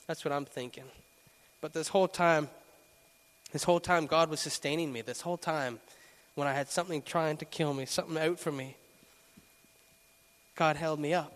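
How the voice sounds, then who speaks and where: A young man telling a personal testimony into a microphone, animated and laughing often as he acts out what people said. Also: a little high, unhurried, long pauses, big-room sound. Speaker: speaker giving a testimony. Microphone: handheld microphone.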